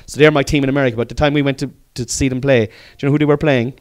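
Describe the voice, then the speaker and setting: A man's voice: medium pitch, fairly even intonation, rapid-fire. A middle-aged Irish man with a Cork accent, hosting a podcast in casual, rambling chat and swearing freely. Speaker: podcast host.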